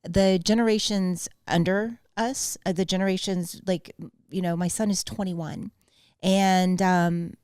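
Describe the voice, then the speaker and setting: A woman's voice: fairly low pitch, steady tone, unhurried, darkish tone, clean tone, no echo, studio quality. A woman in her forties hosting a podcast in casual chat, blunt and emphatic, with frequent swearing. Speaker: podcast host.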